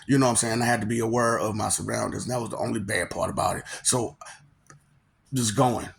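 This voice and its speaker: Man, rambling monologue, laughs a lot, profane, loud then muttering. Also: on the low side, fairly even intonation, fast, gravelly, slight background noise. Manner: makes mouth sound effects. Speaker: monologue host.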